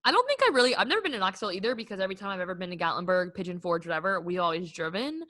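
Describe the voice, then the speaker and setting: A woman's voice: medium pitch, sing-song, very fast, fairly bright tone, no room sound. A young woman co-hosting a podcast, telling a story in casual chat, filling her talk with "like". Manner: chatty storyteller, heavy use of "like". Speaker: podcast co-host.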